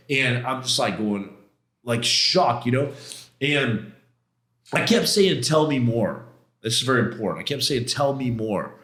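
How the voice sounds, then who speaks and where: A man's voice: mid-range voice, fairly bright tone. A middle-aged man, a podcast guest, tells a personal story with intense emotion. He talks in a casual, slangy way, acting out quoted exchanges and restarting his sentences. His mid-range voice rings with a roomy echo.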